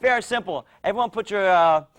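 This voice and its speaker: High-pitched guy running a kids martial arts class, upbeat, keeps yelling encouragement. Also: brisk. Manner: energetic, coaching and cheering children on. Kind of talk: instructional demo with kids.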